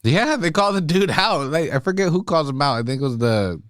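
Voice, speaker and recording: A man's voice: fairly high pitch, animated, fairly quick, a bit bright, no echo, studio quality. A man co-hosting a casual film podcast, making crude jokes. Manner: crude jokes, acts out characters in put-on voices. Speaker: podcast co-host.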